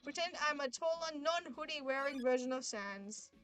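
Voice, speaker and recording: A woman's voice: high voice, lively intonation, normal speed, fairly bright tone, faint music behind. A woman voicing a boastful, cheerful male skeleton who speaks in grand, formal declarations while reading a visual novel aloud. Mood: earnest. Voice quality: formal, theatrical phrasing. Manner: proud, eager declarations.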